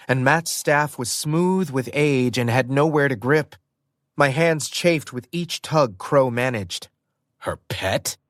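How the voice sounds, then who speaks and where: Guy reading an audiobook, expressive storyteller, mid pitch, dry studio mic. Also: no room sound. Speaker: audiobook narrator. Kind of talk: first-person audiobook narration.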